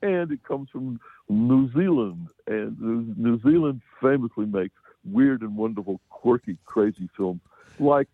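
A man's voice: mid-range voice, animated, unhurried, dry recording. An American man giving a rambling, laughing film review on a community radio show. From United States. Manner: rambling, laughs often, many fillers. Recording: tinny phone line.

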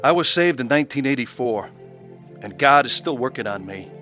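A man's voice: mid-range voice, expressive, a little fast, over loud music. A man giving an earnest, scripted testimony about his faith, with acted scenes. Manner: earnest, pleading. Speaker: testimony narrator.

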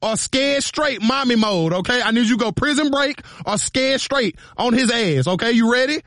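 A man on a radio show doing a prank call, posing as a police officer in a slow, mock-serious, teasing way. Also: very high-pitched, expressive, fairly bright tone, no echo, clean studio sound. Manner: mock-serious, drawn-out, teasing with a slight drawl.

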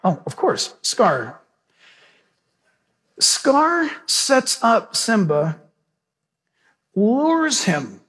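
A man's voice: very high voice, very animated, slow, long pauses, a bit bright, breathy edge. A pastor preaching a sermon to his church, moving from storytelling into fervent prayer with repeated praise. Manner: preaching with rising emphasis and prayer.

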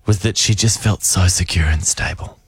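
A man's voice: low voice, moderate pace, slightly rough, no room sound, clean studio sound. A man hosting drive-time radio, bantering with a sarcastic, teasing manner. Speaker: radio host.

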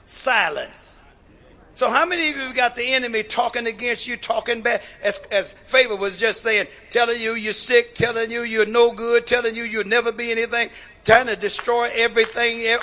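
A male pastor preaching a sermon, calling out to the congregation, swinging between loud exhortation and hushed talk. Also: very high voice. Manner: preaching with call-and-response and repeated "watch this".

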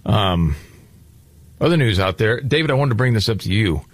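Low-voiced male talk show host. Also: animated, normal speed, no room sound. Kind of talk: casual talk radio chat.

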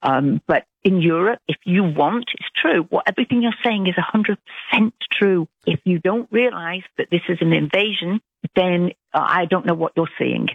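A woman from Britain with a British accent, calling in to a talk radio show, speaking earnestly and haltingly with many restarts. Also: lowish voice, expressive, creaky, breathy edge, dry recording. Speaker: caller. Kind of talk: call-in radio phone call. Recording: tinny phone line.

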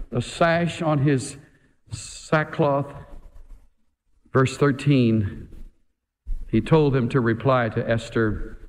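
A man preaching a sermon in an emphatic way, pressing his point with rhetorical questions. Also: on the high side. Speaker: pastor. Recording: echoey hall reverb.

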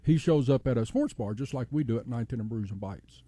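Fast-talking Texan man near seventy. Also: medium pitch, dark tone, no room sound. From Texas. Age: 60s. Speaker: radio host. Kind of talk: casual radio chat.

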